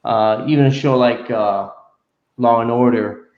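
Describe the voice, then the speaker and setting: A male host asking questions in a casual livestream interview, unhurried and pausing often. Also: mid-range voice, fairly even intonation. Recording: roomy, dull lo-fi audio.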